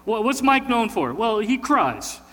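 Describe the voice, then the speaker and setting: A man preaching from the pulpit with a bright, forward voice set a little higher than most men's, talking with the congregation and drawing them in with questions. His words ring out into a big church hall with a long trailing echo. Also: sing-song, unhurried. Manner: conversational, folksy, asks the congregation questions. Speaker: pastor. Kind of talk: sermon with opening prayer. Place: church sanctuary.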